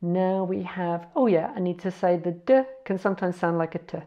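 With a warm voice on the low side, a language learner chats through foreign words, slowly spelling each letter and correcting herself as she goes. The audio is muffled.

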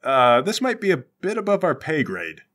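A man's voice: fairly high pitch, wildly swooping pitch, normal speed, a bit bright. A man playing in a tabletop game, responding with dry, wry jokes in casual chat. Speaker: player.

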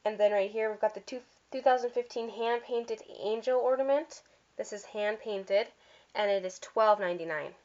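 A vlogger chats her way through a catalog of holiday items, gushing as she goes, with fillers and small slips. Her voice sits in the mid range, moves at a normal pace, and has a darkish tone. The lo-fi recording sounds dull.

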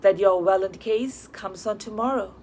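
A demure young woman, read by a woman narrator, calm and proud, answering with composed restraint. Her voice sits at an ordinary middle pitch. The reading keeps a quiet storybook feel. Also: normal speed, a little hiss or hum, close to an everyday voice. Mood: demure teasing.

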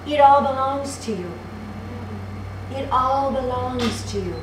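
Lady preacher going hard on a sermon, highish voice, far from the mic in a noisy echoey hall. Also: slow pace. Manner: fervent, repeats phrases, fumbles for verses. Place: church hall. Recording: echoey hall, distant mic, background noise.

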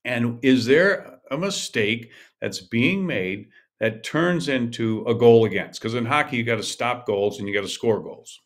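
A man's voice: mid-range voice, unhurried, few pauses. An older man hosting a podcast, coaching in an emphatic, repetitive monologue that often restarts mid-sentence. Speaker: podcast host, golf coach.

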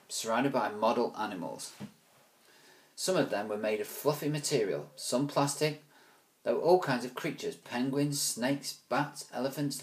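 A man reading a children's book aloud, with relaxed, chatty asides. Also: mid-range voice. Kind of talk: casual read-aloud storytelling.

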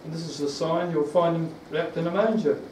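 A man's voice: a little high, fairly even intonation, a little fast, darkish tone, slight background noise. A man preaching a sermon, rambling with restarts and asking the congregation questions. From New Zealand. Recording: echoey room, from far off.

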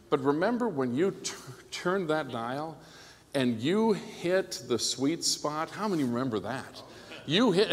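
A man preaching a conference sermon as a pastor, animated and joking, often checking with the crowd by asking "okay?". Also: medium pitch. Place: church hall. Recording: long hall reverb.

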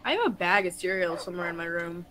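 A woman's voice: lowish voice, animated, fast, pushed and bright, poor audio. A woman chatting casually while gaming, trading crude, swear-filled banter. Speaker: co-host of a gaming video.

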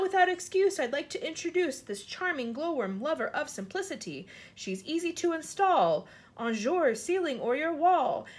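Lady doing a proud little boy showing off his friends, squeaky and bouncy, storybook reading. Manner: sing-song, showman-like, rhythmic. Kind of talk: children's book read aloud.

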